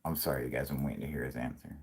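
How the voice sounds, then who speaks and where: A man's voice: rumbling low, steady tone, racing, a little mellow, breathy edge. A man hosting a casual late-night livestream, talking in a rambling, profane way and laughing often. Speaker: livestream host.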